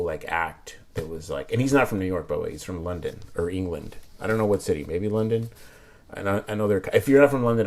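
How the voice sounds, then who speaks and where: A man's voice: lowish voice, darkish tone. A young man chatting casually in a rambling way while reviewing a deck of playing cards, with lots of fillers and restarts. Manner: drops to whispers while inspecting cards.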